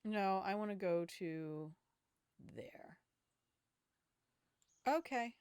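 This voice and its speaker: A woman's voice: mid-range voice, expressive, extremely slow, a little mellow, clean tone, no echo, clean studio sound. An older woman streaming a video game, chatting casually, thinking aloud and swearing freely. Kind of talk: casual gaming commentary.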